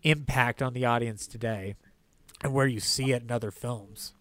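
A man's voice: medium pitch, steady tone, normal speed, no room sound. A man hosts a casual film chat, rambling eagerly and laughing as he goes. His voice is dry and close, with no room sound. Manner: enthusiastic, rambling, laughs often. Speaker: podcast host.

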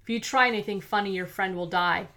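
A woman's voice: medium pitch, steady tone, fast, pushed and bright. A woman doing a menacing vengeful male villain. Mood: shouting.

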